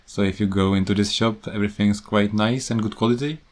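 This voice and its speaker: Czech man, low voice, casual podcast host, amused, chuckling. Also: steady tone, brisk. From Czech Republic. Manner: amused, laughs often, wry complaints. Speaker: English teacher in Japan.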